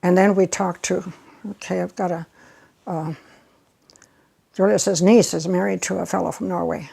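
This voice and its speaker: Casting: older woman, husky and gravelly, chatty storyteller in an oral history interview. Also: lowish voice, steady tone, normal speed, dark tone. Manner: chatty and reminiscing, with frequent laughs.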